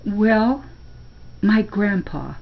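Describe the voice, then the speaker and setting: A woman's voice: mid-range voice, lively intonation, drawn-out words, creaky, highs cut off, full character voice. An older woman reading a storybook aloud and voicing an earnest young boy who is eager to please. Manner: pleading, then scolding his dog sharply.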